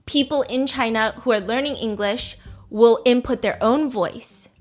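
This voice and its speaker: A woman hosting a podcast, telling a gossip story in a casual, animated way, laughing often and acting out what people said. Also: a little high, unhurried. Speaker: podcast host.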